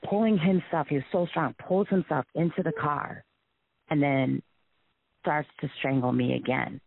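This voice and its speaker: A man telling a frightening personal story in a halting, shaken way, with many restarts. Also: fairly high pitch, fairly even intonation, vocal fry, slightly rough, no echo. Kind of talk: emotional personal testimony. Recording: tinny phone-line recording.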